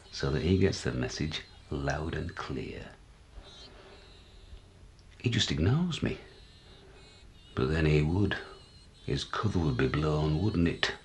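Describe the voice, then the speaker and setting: A deluded, paranoid older man, played by an actor, speaking low and gravelly. His delivery leaps around in pitch, confiding one moment and shouting the next in this stage monologue. Faint noise sits behind him. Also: expressive, unhurried, long pauses, exaggerated voice. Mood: conspiratorial. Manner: confiding, jumpy, swings from hushed to shouting.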